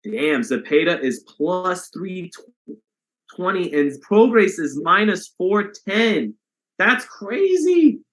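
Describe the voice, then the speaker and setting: A man's voice: sits high, animated, slow pace, fairly bright tone. A man hosting a boxing live stream, chatting casually with viewers and reading their comments aloud, with some swearing.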